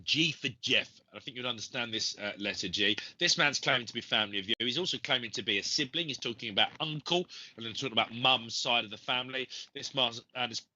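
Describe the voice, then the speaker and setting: Male medium host with a cold; rambling and gentle, sharp bright tone over dull stream audio. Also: mid-range voice, fast talker, few pauses. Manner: rambling, gentle, many ums and uhs. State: has a cold. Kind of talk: live psychic reading show.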